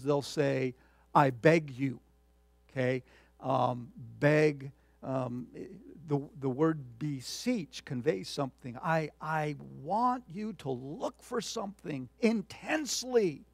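A man delivers an expository sermon in a slightly high, gravelly voice. He stumbles over fillers and restarts, then drives key words home with sudden loud emphasis before sinking into quiet asides. The sound is close and dry. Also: dry recording. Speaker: pastor.

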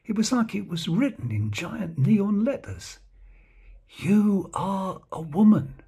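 A man voicing a working-class bloke who confides in hushed tones, speaking. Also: sits high, lively intonation, slow pace, breathy edge, voice pushed up, heavily acted. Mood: confiding.

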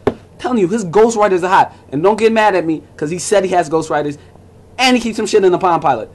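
A man's voice: high voice, lively intonation, quick pace, noisy background. Blunt, profane young man ranting. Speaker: vlogger. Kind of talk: casual rant to camera.

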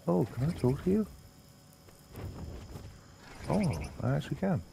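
A man giving casual let's-play commentary, quick to anger and swearing freely as he plays. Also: a little high, vocal fry, a little hiss or hum. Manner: swears freely, easily angered, animated reactions. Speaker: gaming YouTuber.

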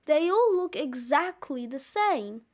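A woman's voice: sits high, expressive, takes it slowly, darkish tone. A woman reading the part of an eager young boy who pleads with his friend.

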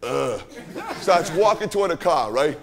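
A man's voice: a little high, sing-song, unhurried, gravelly, a crowd in the background, heavily acted. A man performing a swaggering, profane streetwise young guy on a live stage, telling a rowdy party story and forever asking "right?". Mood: boastful. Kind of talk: live stage character monologue. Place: theater stage.

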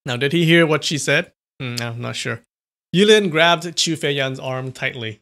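A man's voice: on the high side, measured pace, gravelly, fairly bright tone. A man reading a novel aloud on a live stream, stopping to chat about viewers' comments. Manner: chatty, reacts to viewers' comments.

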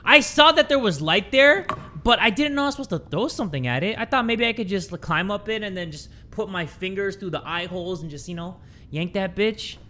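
A young man giving jokey, excitable commentary while playing a game, jumping between loud yelps and low mutters. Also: a little fast, slight background noise. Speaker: gaming YouTuber. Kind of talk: let's play commentary.

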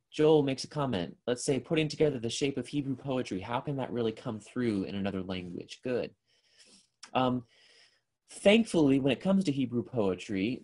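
A man giving a seminary lecture, earnest and thinking aloud, often restarting his sentences and reading lists aloud in a measured way. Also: mid-range voice, darkish tone.

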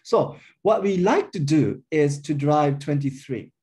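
An expressive man delivers a linguistics lecture, his mellow voice a little raised and his pitch climbing and dropping often. He takes each idea step by step, explaining as he thinks aloud, and his pauses are full of uh and um.

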